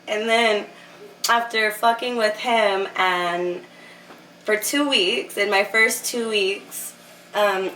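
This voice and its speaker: A young woman from Utah telling her story as a guest in a casual interview, animated and laughing often, with lots of filler words. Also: mid-range voice, reverberant, distant mic, a little hiss or hum, low-quality recording.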